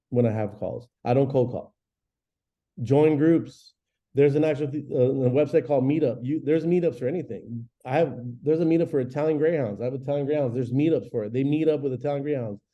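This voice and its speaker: A man in his forties, a real estate agent teaching a class in an energetic, chatty way, often acting out phone calls. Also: mid-range voice, a little fast. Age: 40s. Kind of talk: live training class talk. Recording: dull lo-fi recording.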